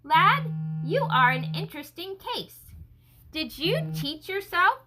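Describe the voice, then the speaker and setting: A woman voicing an earnest, enthusiastic gentleman scholar in a story reading, speaking effusively. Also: very high voice, sing-song, slow, pitched above the performer's own voice, full character voice, poor audio. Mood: eager.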